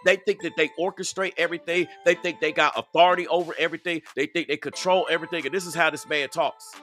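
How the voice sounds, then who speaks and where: Guy ranting on a live stream, kinda high bright voice, says stuff twice, music under it. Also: steady tone, quick pace. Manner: repetitive, emphatic, addresses viewers directly. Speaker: online commentary host. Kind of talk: casual live-stream commentary. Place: outdoors.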